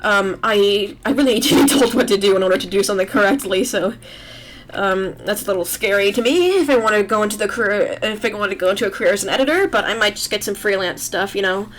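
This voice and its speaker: A woman's voice: mid-range voice, fast talker. Rambling young woman chatting while drawing. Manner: rambling and self-deprecating. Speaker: artist streaming while drawing. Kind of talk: casual livestream chat.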